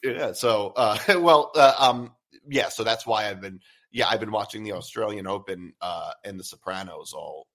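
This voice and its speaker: A man's voice: on the low side, normal speed, vocal fry, fairly bright tone. Easygoing young man on a podcast. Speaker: podcast co-host. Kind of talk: casual chat.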